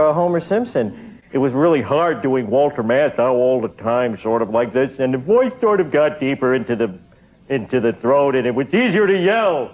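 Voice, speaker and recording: An older man, a voice actor, telling an anecdote in a relaxed, rambling way with fillers. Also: mid-range voice, moderate pace. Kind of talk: interview anecdote. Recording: tinny phone-like audio.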